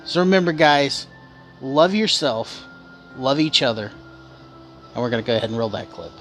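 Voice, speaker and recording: A man's voice: medium pitch, expressive, normal speed, a bit bright, faint music behind. A man hosting his channel in an off-camera voice-over, speaking earnestly and encouragingly to viewers. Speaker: channel host.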